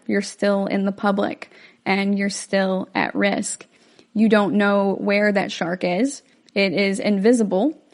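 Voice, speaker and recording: A woman's voice: mid-range voice, gravelly. Chatty woman podcast host. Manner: chatty, explanatory, acts out quotes. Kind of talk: casual film commentary.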